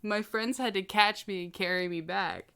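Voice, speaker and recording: A woman with a bright, crisp voice tells a story on a casual podcast. She keeps breaking into laughter between phrases, and her delivery stays smooth and forward. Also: mid-range voice, moderate pace. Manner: laughs often while telling a story. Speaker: podcast co-host.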